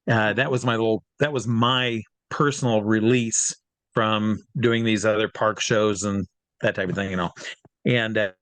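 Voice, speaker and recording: A guest performer, male, rambles through a casual interview full of fillers and restarts, doing the voices of people he quotes. His pitch is medium and his tone fairly bright, with no room sound.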